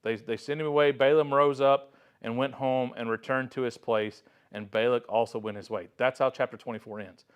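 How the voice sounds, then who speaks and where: A man leading a church Bible study, speaking at a mid-range pitch. He retells the scripture in a relaxed, conversational way and slips into short acted-out quotes. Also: brisk, smooth. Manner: conversational storytelling, acting out quotes. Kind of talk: informal Bible lesson.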